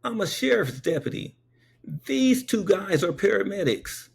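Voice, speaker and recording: A man voicing a brusque sheriff's deputy who corrects someone quickly and matter-of-factly. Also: high-pitched, sing-song, vocal fry, husky, voice pushed up, exaggerated voice. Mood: curt.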